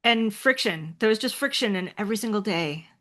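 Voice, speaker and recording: A woman's voice: mid-range voice, lively intonation, a little fast, sharp tone. A woman guest on a podcast talking candidly and reflectively in a casual interview, often breaking into laughter. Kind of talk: conversational interview.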